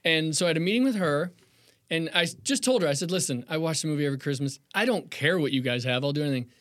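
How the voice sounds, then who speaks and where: A middle-aged man, an actor guest, telling animated stories in casual conversation and acting out quotes. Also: fairly high pitch, quick pace, dry recording, studio quality. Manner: animated storyteller, acts out quotes.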